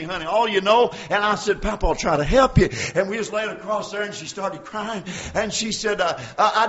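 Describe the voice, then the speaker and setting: An older man preaching a folksy sermon, calling out to his congregation by name and swinging between quiet storytelling and shouting. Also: sits high, muffled recording.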